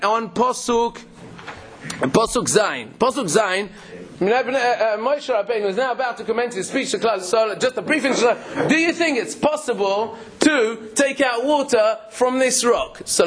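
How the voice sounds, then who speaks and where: Husky man teaching a Torah class. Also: high voice. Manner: explains with questions, many restarts, frequent laughs. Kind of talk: Torah class explaining Rashi.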